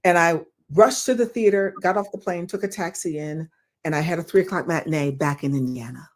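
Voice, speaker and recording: An older woman with a slightly low voice tells a story as an interview guest. She is animated and swears freely, and she acts out the people in her tale as she goes. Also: a little fast. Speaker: guest actress.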